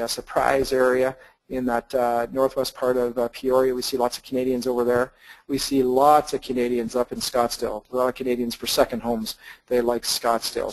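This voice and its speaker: A man walks listeners through market slides in an easygoing, explanatory manner, often pausing on fillers and restarting phrases. His voice has a gravelly edge at a middle pitch. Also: low-quality recording. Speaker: real estate investment presenter. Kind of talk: webinar slide presentation.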